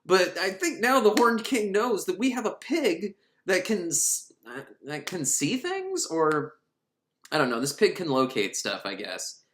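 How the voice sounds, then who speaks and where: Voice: mid-range voice, sing-song, measured pace, fairly bright tone, reverberant, slight background noise. A film reviewer recapping a movie in a casual, sarcastic, comedic way, often laughing.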